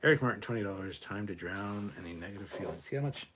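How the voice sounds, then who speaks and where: A man's voice: fairly low pitch, animated, fast, fairly bright tone, a little hiss or hum. A man hosting a casual livestream, joking loosely and thanking viewers by name as he reads out donations. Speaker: livestream host. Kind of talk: casual live-stream chat, reading out donations.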